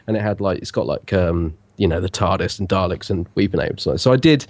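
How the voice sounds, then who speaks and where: A man's voice: sits low, expressive, a little fast, no room sound. Nasal man with a cold. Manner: chatty, rambling storyteller. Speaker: podcast co-host. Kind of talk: casual chat.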